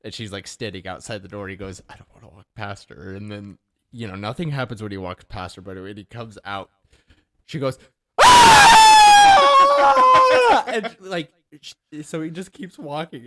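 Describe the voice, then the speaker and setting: A man's voice: fairly low pitch, animated, normal speed, heavy background noise. A young man co-hosting a podcast, animatedly retelling a funny video between laughs. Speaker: podcast co-host. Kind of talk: casual chat.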